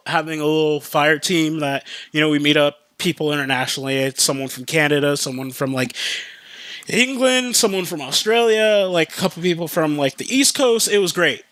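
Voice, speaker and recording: A young man rambles excitedly through a casual solo podcast, piling up filler words as he goes. His voice sits a little high and rings bright and forceful. The sound is close and dry, with no room around it. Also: no room sound. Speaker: podcast host.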